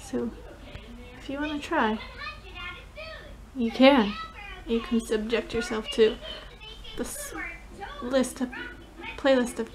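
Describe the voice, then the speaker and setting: A woman vlogging through tears, talking in a halting, self-deprecating way, her voice choked and near crying. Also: on the high side, animated, background noise. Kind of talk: casual reaction vlog. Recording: clear music playing behind voice.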